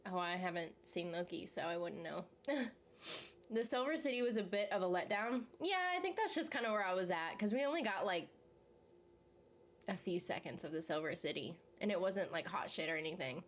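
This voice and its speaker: A woman's voice: on the low side, animated, brisk. A young woman hosting a casual chat, rambling and filler-heavy, full of "like" and laughs. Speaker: channel host. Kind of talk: casual chat reacting to a series while eating.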